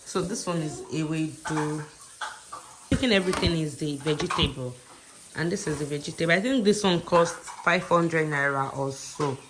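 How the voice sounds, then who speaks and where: Chatty young Nigerian woman, low voice. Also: normal speed, background noise. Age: 20s. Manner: chatty and rambling, full of "like" and "so yeah". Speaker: vlogger. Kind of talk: casual vlog chat. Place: at home.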